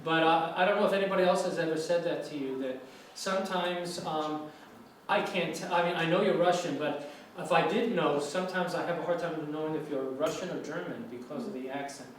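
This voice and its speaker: In an echoey lecture room recorded from a distance with faint noise, a US English lecturer with a slightly high voice talks fairly quickly. He keeps the class discussion conversational, putting questions to his students.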